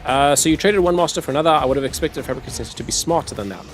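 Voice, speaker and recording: A man voicing a proud, defiant rogue trader noble, reading game dialogue aloud with a gravelly voice. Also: fairly high pitch, very fast, faint music behind, lightly acted.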